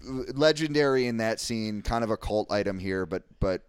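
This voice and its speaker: A deep-voiced man rambling through casual podcast chat, swearing freely and gushing about bands he loves. His voice is smooth and clear. The sound is dry and close to the mic. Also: moderate pace, no echo. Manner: rambling, profane, enthusiastic about music. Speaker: podcast co-host.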